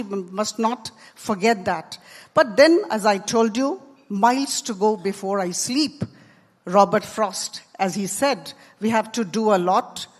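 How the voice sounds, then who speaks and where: A woman with an Indian English accent giving a forceful panel speech, stressing each point and repeating it for weight. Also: sits high. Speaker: panel speaker. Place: large conference hall. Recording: long hall reverb.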